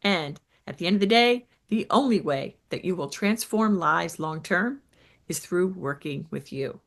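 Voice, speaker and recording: In a coaching talk to camera, a woman who hosts a show and coaches business owners on sales speaks with a fairly low, expressive voice, a little slow. Her delivery is emphatic and upbeat, punctuated often by "right?".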